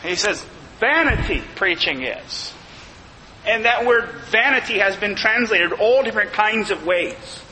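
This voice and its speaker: Pastor guy preaching, slows way down on the big points, long echo, faint hiss. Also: sits high, sharp tone. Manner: emphatic, slows down to stress key phrases. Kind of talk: sermon.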